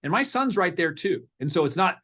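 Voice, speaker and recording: A middle-aged man, a parenting coach guest in a podcast interview, telling stories in an animated way and acting out what people said. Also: high-pitched, brisk. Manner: animated storyteller, acts out quotes.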